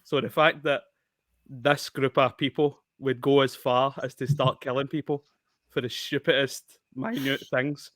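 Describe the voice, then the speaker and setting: Scottish man, enthusiastic, laughs a lot, bright slightly high voice, dry sound. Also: level tone, a little slow, no echo. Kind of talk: casual film chat.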